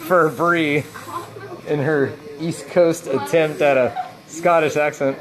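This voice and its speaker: Teasing stream host, mid pitch, reads comments, crowd noise behind. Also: fairly even intonation, slow pace, low-quality recording. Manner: teasing, wisecracking. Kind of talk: casual live-stream banter. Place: tattoo shop. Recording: live stream with crowd chatter.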